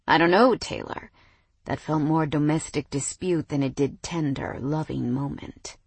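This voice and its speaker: A woman's voice: deep voice, a little slow, slightly rough, no echo, heavily acted. A woman narrator voicing a cocky, teasing young man with a smug, playful drawl.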